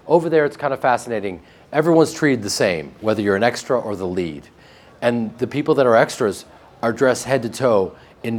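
A man with a flat Midwestern American accent, a guest actor telling joking stories in a casual interview. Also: mid-range voice. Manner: joking, animated storytelling with laughs.

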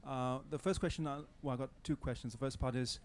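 A man's voice: medium pitch, fairly even intonation, fast. A man in the audience politely asking the panel a question. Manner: polite, formal.

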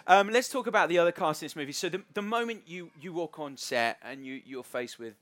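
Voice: mid-range voice, expressive, brisk, fairly bright tone. An interviewer asking questions and teasing the guest with jokes. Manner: joking, teasing banter. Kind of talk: casual interview chat.

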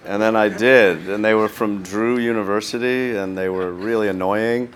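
A man with a deep voice chats as a guest. He tells a story in a halting, self-deprecating way, full of restarts. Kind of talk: casual chat.

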